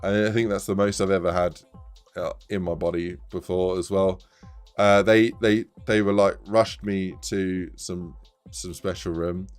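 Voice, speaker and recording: A man's voice: low-pitched, fairly even intonation, measured pace, clear, resonant tone, faint music behind. A man in his thirties, casually telling a rambling anecdote on a live stream, laughing often.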